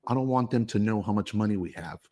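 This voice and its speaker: A middle-aged man, a podcast host, telling a story in casual chat, animated and cursing freely. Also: fairly low pitch, fast talker.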